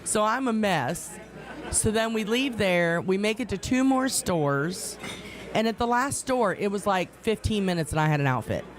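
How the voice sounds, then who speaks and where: A woman's voice: mid-range voice, normal speed, some chatter behind. A woman, a radio co-host telling a story in casual chat, often laughing. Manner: laughing storyteller, animated retellings.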